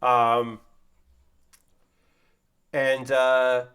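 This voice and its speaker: A man talks casually as he works with his hands, wandering through a lively, rambling recap of an episode. His voice sits at an ordinary middle pitch, and he keeps the tone of an easygoing stream host. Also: very slow, clean tone. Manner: rambling, animated retelling of an anime episode. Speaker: streamer building a model kit. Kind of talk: casual chat while building.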